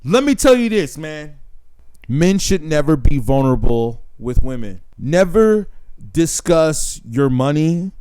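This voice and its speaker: A man's voice: fairly high pitch, sing-song, a little slow, dark tone, smooth. A man, hosting a channel and talking bluntly and emphatically, often tagging lines with "man" and "right?". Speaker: channel host. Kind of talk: casual monologue to camera.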